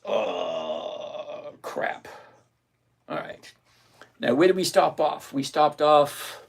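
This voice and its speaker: A man's voice: a little high, big pitch swings, vocal fry, slightly rough. Blunt, exasperated man hosting a livestream. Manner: blunt, exasperated, counts down rapidly. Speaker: livestream host on stock trading. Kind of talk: casual livestream talk.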